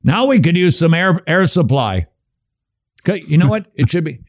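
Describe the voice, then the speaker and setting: A man's voice: a little high, normal speed, dry recording, clean studio sound. A middle-aged man hosting a casual commentary show, joking wryly about church signs and sermons. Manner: wry, joking, animated. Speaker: radio host.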